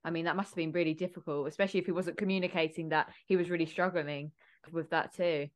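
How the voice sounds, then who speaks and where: A woman's voice: low-pitched, fairly even intonation, fast talker. A woman hosting an interview, responding to her guest in a sympathetic, thoughtful way. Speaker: host.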